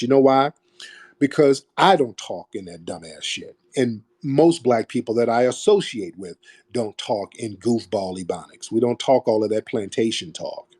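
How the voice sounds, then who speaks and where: A man's voice: lowish voice, dark tone. A man hosting a call-in stream, talking in an emphatic, preachy way and repeating phrases for stress. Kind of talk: opinionated call-in commentary.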